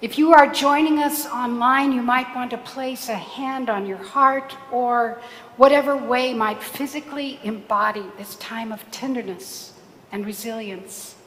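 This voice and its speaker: A woman minister calmly guiding a ritual, in a gentle reading voice. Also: fairly high pitch, a little slow. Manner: calm, gentle guidance. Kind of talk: liturgical reading. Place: large church sanctuary. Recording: roomy hall with faint room noise.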